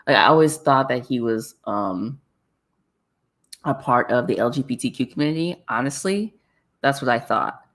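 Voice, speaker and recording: A woman with a notably low voice hosts a loose, casual livestream chat and answers her viewers' comments. She talks in an animated way, breaks into laughter often and repeats phrases for effect. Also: moderate pace.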